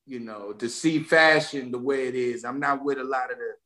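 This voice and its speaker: D.C.-male rapper guest, bright and forceful, animated storyteller. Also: mid-range voice, moderate pace. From Washington, D.C. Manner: animated, streetwise storytelling with slang. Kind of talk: casual podcast interview.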